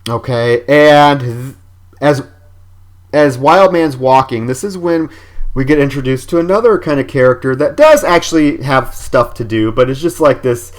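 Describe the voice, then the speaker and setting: A man in casual podcast chat, walking through a movie's plot in a relaxed, conversational flow. His voice sits at an ordinary middle pitch, and he talks loosely and freely, with the odd curse word. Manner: recaps scenes with quick acted-out quotes, swearing freely. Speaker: podcast co-host. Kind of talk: casual film review chat.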